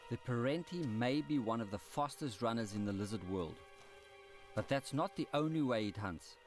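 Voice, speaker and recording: A man giving a calm, measured, scripted voice-over for a wildlife documentary he presents. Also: medium pitch. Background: documentary score music.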